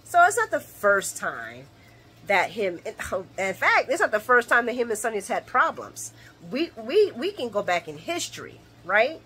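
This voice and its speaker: A woman hosting a casual late-night soap opera recap vlog, animated and laughing often as she acts out characters' lines. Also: fairly high pitch, moderate pace, husky.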